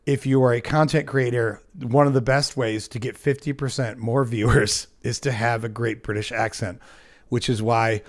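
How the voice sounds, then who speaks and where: A man's voice: mid-range voice, steady tone, moderate pace. An American man hosting a casual livestream, rambling and self-mocking with lots of fillers and restarts. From United States. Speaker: livestream host.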